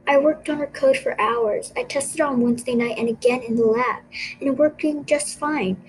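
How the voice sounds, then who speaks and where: A woman's voice: high voice, normal speed, voice pushed up, close to an everyday voice, rough recording. Woman playing a hurt schoolboy, defensive, pleading, storybook reading.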